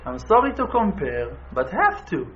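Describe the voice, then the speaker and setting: A man giving an impassioned appeal, pleading, repeating his phrases and swinging between loud urging and quiet, near-tearful moments. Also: on the high side, big pitch swings, normal speed. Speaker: community speaker making an appeal. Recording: dull lo-fi with faint noise.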